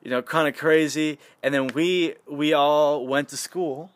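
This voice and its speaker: A young man chatting casually on a podcast, telling a story in an animated way, laughing and swearing freely. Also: a little high, unhurried, slight background noise.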